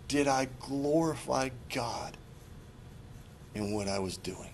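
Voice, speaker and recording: A man's voice: medium pitch, expressive, slow, pauses often, a little hiss or hum. A man giving a sermon in an earnest, confessional way, often stopping and restarting his phrases. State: choked up. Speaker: preacher.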